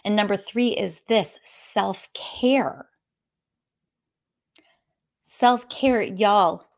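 A woman's voice: mid-range voice, extremely slow, gravelly. A woman who is a group fitness instructor, giving a candid, conversational motivational talk and speaking straight to her listeners. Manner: warm, candid, addresses listeners directly as y'all; laughs between points, conversational.

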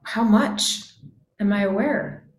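A woman's voice: mid-range voice, takes it slowly, echoey room. A woman in casual conversation, speaking earnestly and reflectively, often acting out quoted dialogue.

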